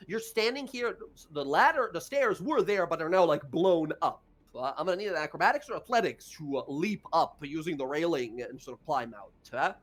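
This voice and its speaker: Guy dming a tabletop game, kinda high voice, lots of uhs and likes. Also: animated, fairly bright tone. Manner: halting, many "uh" and "like" fillers. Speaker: game master.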